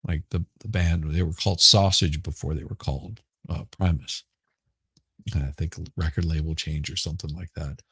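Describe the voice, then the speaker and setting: A middle-aged man with a Southern accent, hoarse right now, chatting casually and rambling on a livestream. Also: rumbling low, steady tone, fairly bright tone, no room sound. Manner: rambling, halting, repeats words. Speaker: livestream host. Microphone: headphones with mic.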